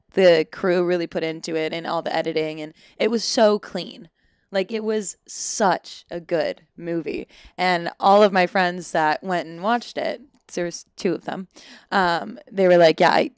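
Chatty woman with a smooth, lowish voice. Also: no echo, clean studio sound. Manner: chatty, self-interrupting, acts out quotes. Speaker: actor guest. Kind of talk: casual podcast conversation.

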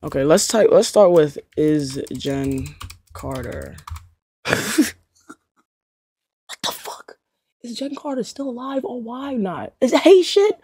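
A woman's voice: medium pitch, animated, slow pace, long pauses, a little mellow, husky. A young woman chatting casually to her livestream chat, slangy and swearing, often laughing in disbelief. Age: young adult. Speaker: streamer.

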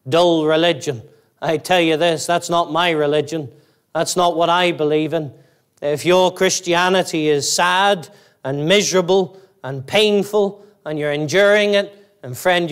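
A man preaching an evangelical sermon in church, fervent and emphatic, asking his listeners rhetorical questions and climbing high on exclamations. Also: smooth. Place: church, evening service.

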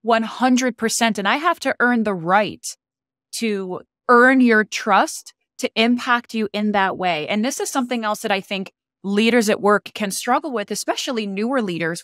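A woman's voice: medium pitch, fairly bright tone, no echo, clean studio sound. A woman hosting a podcast interview, talking in an encouraging, conversational way. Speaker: podcast host.

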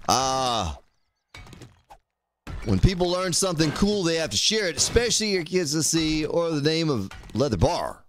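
Lively joking male game streamer. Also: on the high side, moderate pace, soft background music. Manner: joking, teasing chat viewers by name. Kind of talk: casual gameplay livestream commentary.

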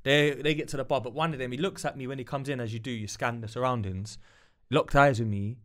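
A man's voice: medium pitch, fairly even intonation, fast, fairly bright tone. A man with a London accent telling a story in casual chat, acting out voices and laughing often. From England. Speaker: storyteller guest.

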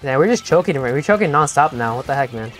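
A young man streaming a game live, talking to his teammates and chat in an excitable, stammering way that repeats itself. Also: mid-range voice, fast talker, faint music behind. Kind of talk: live gameplay commentary.

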